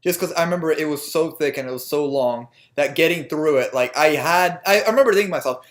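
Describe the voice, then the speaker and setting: A man's voice: fairly high pitch, fast talker. A young adult man co-hosting a podcast, rambling casually and swearing often. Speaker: podcast co-host. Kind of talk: casual chat.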